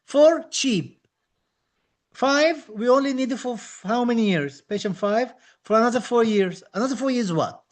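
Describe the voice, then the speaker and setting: Leading a live online dental exam class, a man with a high-pitched voice talks at normal speed and sounds enthusiastic. He repeats important phrases to spur his students on and reads viewer comments aloud.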